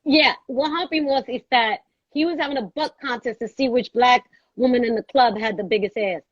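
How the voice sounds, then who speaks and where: A woman's voice: on the high side, moderate pace, dry recording. A woman from Brooklyn, telling a story as a guest and acting out the voices she quotes. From Brooklyn, New York. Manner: lively storyteller who acts out quoted voices. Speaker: guest, actress. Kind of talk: storytelling conversation. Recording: dull, dry sound.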